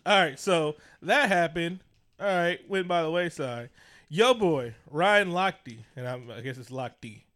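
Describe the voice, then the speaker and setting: A man's voice: a little high, a little slow, fairly bright tone. A man, co-hosting a casual podcast and ranting with heavy profanity. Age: 30s. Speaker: podcast co-host. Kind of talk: casual chat.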